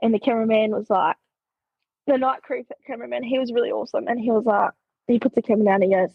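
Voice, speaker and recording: A young Australian woman telling stories as a podcast guest, animated, laughing often and saying "like" a lot. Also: fairly high pitch, fast, gravelly, husky, no echo, phone-quality sound. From Queensland, Australia. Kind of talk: casual storytelling.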